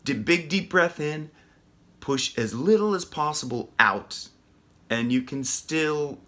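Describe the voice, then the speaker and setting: Male vocal coach, very bright and lively voice, loose rambling delivery, breaks into belted rock lines. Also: fairly high pitch, slow pace. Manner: chatty, loose and rambling, with many ums and restarts; demonstrates by singing loud rock lines. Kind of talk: casual singing lesson to camera.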